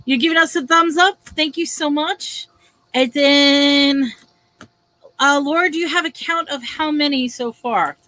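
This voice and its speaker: A woman with a fairly high voice hosts a live online book sale in a casual, chatty way. She reads back-cover blurbs aloud with a touch of drama and laughs often between items. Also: measured pace, pushed and bright, no echo, rough recording. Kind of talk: casual live-stream selling.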